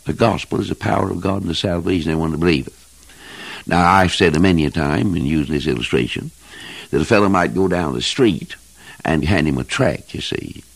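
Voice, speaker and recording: Gravelly deep-voiced preacher man. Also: fairly quick, no room sound. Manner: emphatic, preaching in rising and falling bursts. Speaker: evangelist preacher. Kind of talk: fervent old-time sermon.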